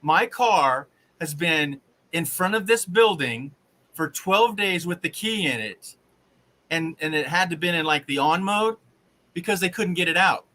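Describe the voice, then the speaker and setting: A man hosting a live stream, telling a long rambling story in an exasperated, animated way. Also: fairly high pitch, unhurried, low-quality recording. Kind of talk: casual storytelling to live viewers.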